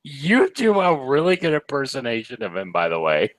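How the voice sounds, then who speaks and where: A man's voice: medium pitch, huge pitch swings, normal speed, no room sound, low-quality recording. A young man co-hosting a fan show, telling stories casually and dropping into silly voices for jokes. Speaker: podcast co-host.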